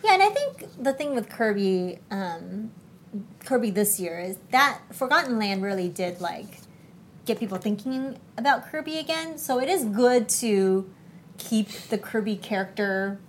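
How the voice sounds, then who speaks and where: A woman's voice: mid-range voice, sing-song, unhurried, slight background noise. A woman co-hosting a podcast, chatting casually with frequent fillers and a playful streak. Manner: hesitant, lots of fillers, playful. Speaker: podcast co-host. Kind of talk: casual chat about video games.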